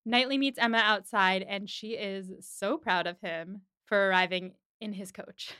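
A woman's voice: medium pitch, a little slow, sharp tone, clear, resonant tone, dry recording, clean studio sound. A woman hosting a podcast, chattily recapping a TV episode and leaning on "like" as she talks. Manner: chatty retelling, heavy use of "like".

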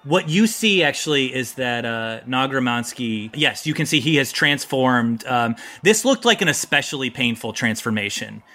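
A man narrating as game master in a tabletop game, who gives playful, quick asides. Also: mid-range voice, expressive, bright, forceful tone.

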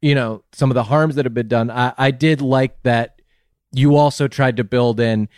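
A man running a comedy interview with a straight face, posing long, rambling questions. His voice is smooth and resonant, recorded dry and close. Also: mid-range voice, steady tone, normal speed, darkish tone, no room sound. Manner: mock-serious, rambling questions. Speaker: host.

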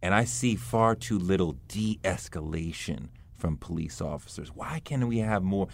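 A man's voice: sits low, expressive, measured pace, vocal fry. A man hosting an interview, asking thoughtful, probing questions in a conversational way. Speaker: podcast host.

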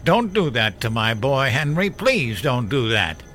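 A man's voice: mid-range voice, very animated, measured pace, fairly bright tone, slight background noise. A man voicing a panicked younger brother who has been drinking and pleads desperately. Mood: desperate pleading. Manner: desperate, whining pleas.

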